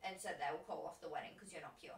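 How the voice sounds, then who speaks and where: A woman co-host in casual chat, explaining things patiently and reading posts in a steady tone. She sits back from the mic in an echoey room. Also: fairly low pitch, racing, far from the mic, a little hiss or hum. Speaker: podcast co-host.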